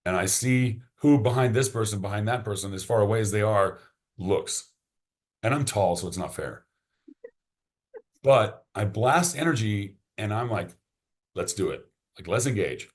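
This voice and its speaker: A man, a podcast guest, chatting casually and enthusiastically, often restarting his sentences. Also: on the low side. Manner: enthusiastic, rambling, repeats words when starting sentences.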